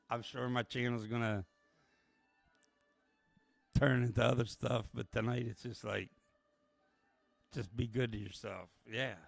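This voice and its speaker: A man's voice: lowish voice, vocal fry, dry recording. A man hosting a late-night livestream, talking candidly and rambling with swearing, tired and emotional. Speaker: channel host.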